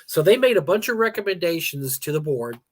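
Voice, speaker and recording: Chatty man with a higher voice. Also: lively intonation, fairly quick. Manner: rambling, chuckling, acts out quoted players. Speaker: co-host of a gaming talk stream. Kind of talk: casual chat.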